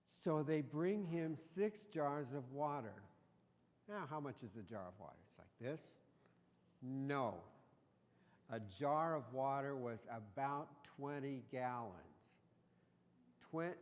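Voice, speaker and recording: A man's voice: medium pitch, unhurried. A man preaching in a church sanctuary with a long, echoing reverb, his voice set in the middle of the usual male range. He tells the story in a loose, joking, conversational way. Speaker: pastor. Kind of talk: sermon.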